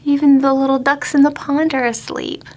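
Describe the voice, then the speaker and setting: A woman librarian reading a picture book aloud to preschoolers, expressive and animated, sometimes dropping to a whisper. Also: high-pitched, moderate pace. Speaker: children's librarian.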